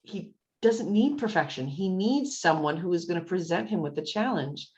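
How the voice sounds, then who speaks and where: Lower-voiced woman chatting about a tv show, laughs a lot, kinda muffled lo-fi sound. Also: normal speed. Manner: animated storytelling, laughs often, jumps up high when quoting characters. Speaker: podcast co-host. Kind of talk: casual chat recapping a TV show.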